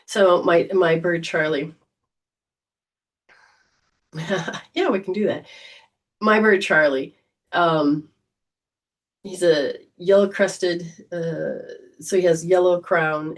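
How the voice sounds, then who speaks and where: A woman's voice: lowish voice, slow pace, pauses often, distant mic. A woman hosting a casual livestream as a psychic reader, talking in a chatty, rambling way. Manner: chatty, rambling, warm storytelling.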